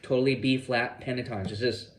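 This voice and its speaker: A man's voice: medium pitch, steady tone, quick pace. A man giving a guitar lesson, explaining phrasing and scat-singing the rhythms he means. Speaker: guitar teacher. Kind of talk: instructional explanation. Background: loud guitar playing.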